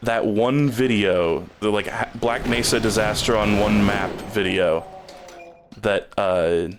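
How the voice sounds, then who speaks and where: A man with a fairly low voice talks through a game on stream. His commentary is loose and rambling, and he trips over repeated words when he gets stuck. A faint hiss sits under the recording. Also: slow. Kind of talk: casual gameplay commentary.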